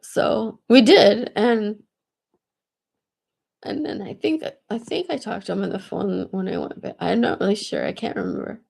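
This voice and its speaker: Gravelly, husky woman telling stories. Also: mid-range voice, normal speed, darkish tone. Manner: laughs often, trails off and restarts, says "like" a lot. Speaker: vlogger. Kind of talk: casual rambling storytelling.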